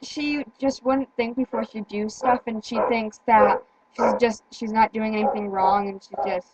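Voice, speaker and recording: A teenage girl in casual chat, speaking earnestly with halting restarts and repeated words. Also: on the high side, steady tone, over a noisy crowd, poor audio. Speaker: teen vlogger.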